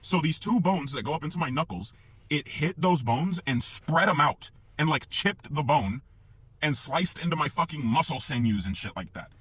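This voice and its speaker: Husky young man telling a wild story. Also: on the high side, normal speed, no room sound. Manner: profane, animated retelling that acts out the sounds of the story. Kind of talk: casual storytime monologue.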